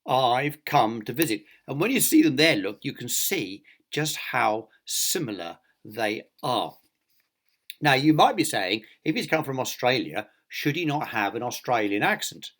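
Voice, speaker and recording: A man's voice: mid-range voice, sing-song, a little slow, a bit bright. A man, a teacher, reading a picture book aloud to children, with chatty asides to his young listeners.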